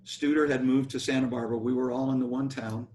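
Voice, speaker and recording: Brief: older American musician guest, rambling anecdotes, mid-pitched, faint hiss. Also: male voice, fairly even intonation, fast, a little mellow. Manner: rambling anecdotal storytelling with restarts. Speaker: guest musician, bass player. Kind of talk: storytelling interview.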